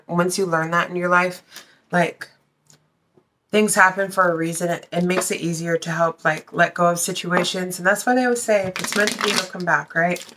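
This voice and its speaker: A somewhat low female voice, pushed and bright, with a faint hiss or hum in the sound. She reads tarot bluntly and casually, swears without restraint, talks directly to viewers, and slips into snatches of song.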